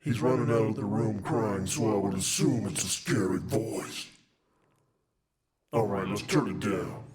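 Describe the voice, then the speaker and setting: A man talking through a deepening voice effect and playing a gruff, mock-threatening scary man. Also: unhurried, over a noisy crowd. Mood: taunting. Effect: voice effect making it deep and menacing.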